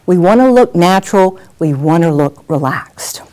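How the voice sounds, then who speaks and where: A middle-aged woman teaching a workshop on presenting on camera, animated and acting out examples as she talks. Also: lowish voice, normal speed. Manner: lively, animated, acts out examples. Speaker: on-camera skills coach. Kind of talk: workshop lesson.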